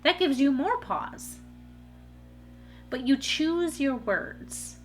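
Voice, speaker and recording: A woman's voice: high voice, expressive, very slow, soft background music. A woman hosting a solo podcast, talking earnestly in a coaching way straight to her listeners. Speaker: podcast host. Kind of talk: solo motivational podcast talk.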